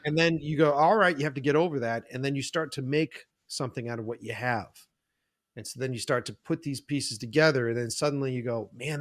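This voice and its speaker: A man's voice: fairly high pitch, no echo. Guy telling film set stories, acts out the voices, swears a lot, dry close mic. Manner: animated storyteller, acts out quotes, swears freely. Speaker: film director guest. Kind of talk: casual podcast chat.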